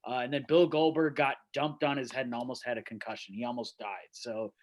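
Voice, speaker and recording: A man's voice: mid-range voice, steady tone, fairly quick. A man hosting an open mic over a video call, riffing and rambling through stand-up bits in a self-deprecating way from a small room at home. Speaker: open mic host and comedian.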